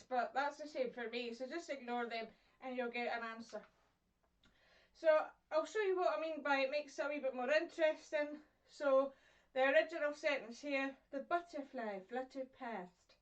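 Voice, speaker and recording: A woman's voice: sits high, normal speed. A woman teaching a live-streamed lesson from home, playfully acting out sounds and examples. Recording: muffled, from a distance.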